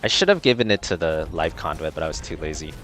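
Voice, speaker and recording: A man with a very low voice comments live on his own gameplay. He talks casually to his chat and keeps ranting in exasperation about his teammates. Faint game music plays behind him. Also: animated, fast, a bit bright. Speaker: game streamer.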